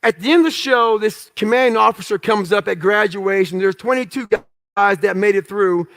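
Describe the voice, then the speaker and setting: A man's voice: high voice, normal speed, fairly bright tone. A man telling his life story to an audience in blunt, profane, punchy phrases, acting out what he thought back then. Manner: emphatic, punchy short phrases. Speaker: motivational speaker.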